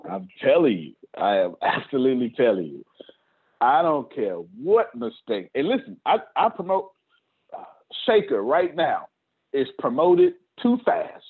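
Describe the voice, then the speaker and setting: A man with a husky voice speaks to his team over a video call, pressing his points home with casual slang and repetition. The sound is tinny and narrow, like a phone line, and his pitch sits in the middle range. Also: sing-song, measured pace. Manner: emphatic, repeats himself, casual slang. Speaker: business leader hosting a team meeting. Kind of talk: motivational talk on a video call.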